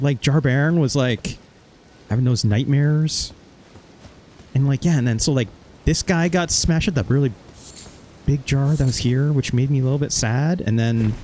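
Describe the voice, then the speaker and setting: A man's voice: mid-range voice, a little mellow, slight background noise. Casual male gaming host, rambling recap, loose and profane, mid-range voice. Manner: rambling, swears casually, recaps with quoted asides. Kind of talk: casual let's-play commentary.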